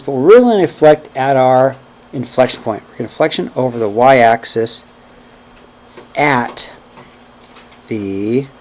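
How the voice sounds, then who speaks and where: A man's voice: mid-range voice, a little mellow, slight background noise. A man teaching a math class in a classroom, walking through each step aloud and checking in with "okay?" and "right?". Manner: counts out steps aloud while working. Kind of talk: classroom lecture.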